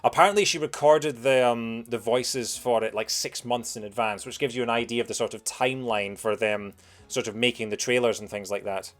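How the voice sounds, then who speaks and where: A man's voice: medium pitch, fairly even intonation, fairly quick, soft background music. A young British man giving casual commentary while playing a video game, rambling with lots of fillers as he answers chat.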